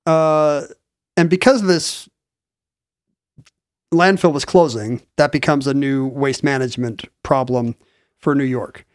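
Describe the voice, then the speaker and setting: A man's voice: mid-range voice, takes it slowly, pauses often, no echo, clean studio sound. A man co-hosting a podcast, explaining a story in a chatty, wry way with frequent restarts. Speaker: podcast co-host. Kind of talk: casual chat, explaining a story.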